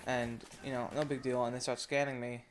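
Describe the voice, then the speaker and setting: A young vlogger with a mid-range, fairly flat voice talks a little fast, spinning a long travel story for his viewers. It's a casual rant full of rambling, swearing and constant fillers.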